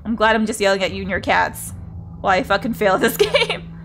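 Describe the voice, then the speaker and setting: A woman's voice: mid-range voice, big pitch swings, brisk, fairly bright tone, a little hiss or hum. A woman streaming a video game, chatting to herself and her viewers and swearing often as she plays. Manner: chatty, swears a lot, talks to herself and chat. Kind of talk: casual gameplay commentary.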